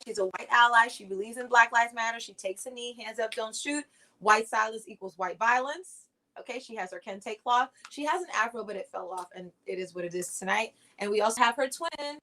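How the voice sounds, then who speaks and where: A woman hosting a casual livestream from her living room, talking fast and loose, swearing and mocking politicians. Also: on the high side. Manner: animated, profane, mocking impressions. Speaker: livestream host.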